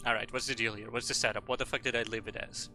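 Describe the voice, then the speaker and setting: A man's voice: mid-range voice, level tone, fast talker, pushed and bright, faint music behind. A man streaming a game, rambling and joking with casual swearing. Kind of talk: casual gameplay commentary.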